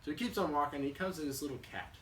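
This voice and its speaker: A young man casually telling a children's story for a class, relaxed and chatty, with fillers and restarts. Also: fairly high pitch, rapid-fire. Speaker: student. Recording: echoey room, mic at a distance, faint hiss.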